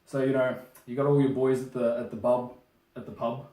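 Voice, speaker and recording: A man's voice: medium pitch, flat delivery, fairly quick, dark tone. A young Australian man with an Australian accent, co-hosting a casual chat and explaining slang in a playful, mock-formal way. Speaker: co-host. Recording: roomy, distant mic.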